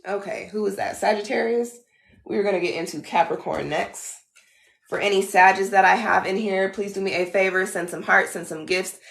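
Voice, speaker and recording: A woman's voice: medium pitch, fairly even intonation, normal speed, creaky, echoey room. A woman tarot reader talking in a casual, blunt, slangy way on a livestream.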